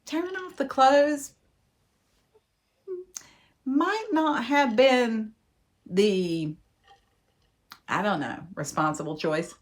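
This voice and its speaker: A woman who reviews books and hosts a podcast recaps a romance novel on her book show, speaking in a highish voice extremely slowly with long pauses. She adds wry, sarcastic asides and dramatic emphasis.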